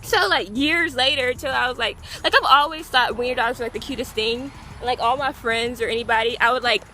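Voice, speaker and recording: A young woman from the Gulf Coast of Texas, telling a story in a casual vlog. She rambles, fills her talk with "like" and bursts into excited squeals. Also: on the high side, a little fast, a little hiss or hum. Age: young adult. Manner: chatty and rambling, heavy use of "like". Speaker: vlogger.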